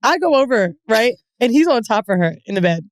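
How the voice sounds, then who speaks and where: Brief: thirties woman podcast co-host, lively swinging pitch, dry close sound, brash storyteller. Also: brisk, no echo. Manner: animated, acts out quotes, swears freely. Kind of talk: casual storytelling chat.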